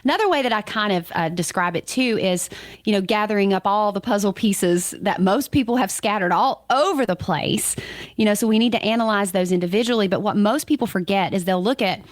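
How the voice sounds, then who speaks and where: A woman financial advisor chats in an emphatic, easygoing way as a guest on a radio show. Her voice sits at a middle pitch and is recorded very dry, close to the mic. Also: brisk, no room sound. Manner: chatty and emphatic. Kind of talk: casual radio show chat.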